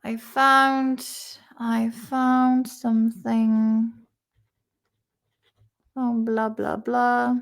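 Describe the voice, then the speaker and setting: A woman's voice: on the high side, flat delivery, extremely slow, creaky, pauses often. A woman chatting casually while studying vocabulary, repeating words aloud and swearing and laughing freely. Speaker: English vocabulary vlogger.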